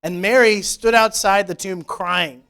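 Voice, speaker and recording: A man's voice: sits high, fairly even intonation, a little slow, gravelly, sharp tone, clear, resonant tone. A man preaching a conversational sermon in church, retelling scripture with casual, joking asides. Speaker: pastor. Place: church service.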